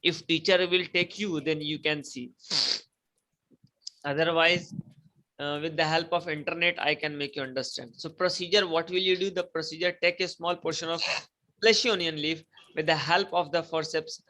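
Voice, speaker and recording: A man's voice: on the high side, steady tone, normal speed, sharp tone, low-quality recording. A male teacher, giving a classroom lecture, repeating key points and asking students to repeat after him. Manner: repetitive, emphatic, prompts students to repeat.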